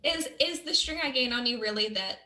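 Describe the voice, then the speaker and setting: A woman's voice: a little high, expressive, a little fast, sharp tone, soft background music. A woman playing a tabletop role-playing game, asking careful rules questions between giggles. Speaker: player. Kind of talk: casual tabletop play.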